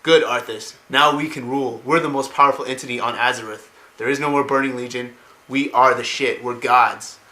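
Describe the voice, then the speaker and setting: A scheming, power-hungry old orc spirit gives commands in a bright, pushing voice, as a man puts him on. It is recorded in a roomy, echoing space. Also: mid-range voice, steady tone, a little fast, natural voice. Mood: gloating.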